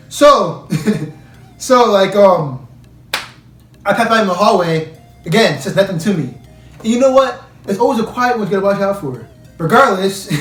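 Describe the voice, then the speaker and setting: A man's voice: high-pitched, fairly bright tone. A young man telling a casual story about his past, rambling and slangy, packed with "like". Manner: rambling, heavy use of "like", slangy. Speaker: storyteller vlogger. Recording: echoey room, mic at a distance.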